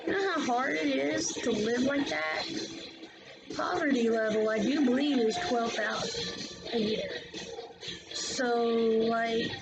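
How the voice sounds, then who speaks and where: A woman's voice: a little high, dull audio. A woman vlogging a casual, rambling opinion monologue, plain-spoken and drifting from topic to topic.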